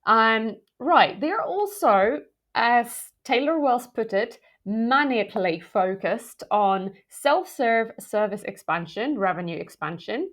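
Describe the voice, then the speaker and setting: A woman hosting an explainer video, talking in a lively, conversational way with frequent fillers and light self-aware asides. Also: on the high side, slow. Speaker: product marketing video host. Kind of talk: explainer video talk to camera.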